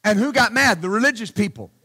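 A male pastor preaching a sermon bluntly and emphatically, often saying hallelujah and shouting his key points. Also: high-pitched, lively intonation, fast talker, breathy edge.

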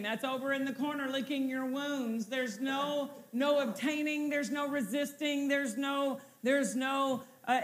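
Casting: woman preacher, high voice, emphatic and repetitive. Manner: repetitive, building to exultant shouts. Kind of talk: sermon.

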